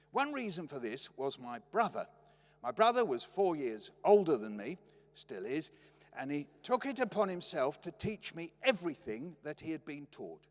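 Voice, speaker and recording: A man's voice: fairly high pitch, big pitch swings, moderate pace. An older man with a British accent telling funny family stories in a lecture, acting out the voices playfully. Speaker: guest lecturer. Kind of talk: humorous storytelling lecture. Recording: long reverb of a lecture hall.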